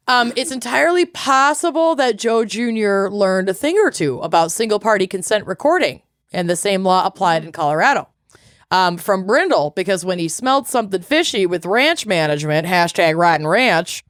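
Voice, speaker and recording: A woman in the middle range of pitch tells a true crime story in casual podcast chat. She reads court quotes aloud, swears freely, and sounds close and dry, with no room around her voice. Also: lively intonation, normal speed, no echo. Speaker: podcast co-host.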